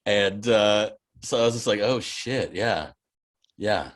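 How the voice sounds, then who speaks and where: Animated lower-voiced man telling a story. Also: slow. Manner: animated and profane, many restarts, laughs mid-story. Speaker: guest. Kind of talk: casual storytelling.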